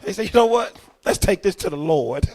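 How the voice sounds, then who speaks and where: A male preacher shouts his points in punchy bursts. His voice is very high for a man and swings widely in pitch. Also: expressive, a little fast. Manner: loud, shouting, punchy delivery. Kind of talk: comedic sermon teaching.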